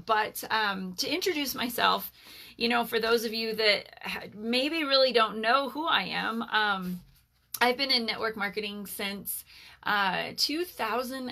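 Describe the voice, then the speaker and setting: A woman's voice: on the high side, creaky, bright, forceful tone. A woman in her forties, hosting a casual live Q&A as a network marketer, chatty and rambling with lots of fillers. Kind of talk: casual live-stream chat.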